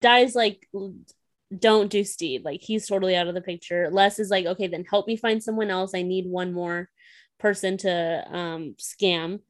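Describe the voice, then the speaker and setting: A young woman chatting casually about a book she's reading, talking fast with lots of fillers and laughter. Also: medium pitch, steady tone, no room sound, clean studio sound. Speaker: book discussion host. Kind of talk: casual book club chat.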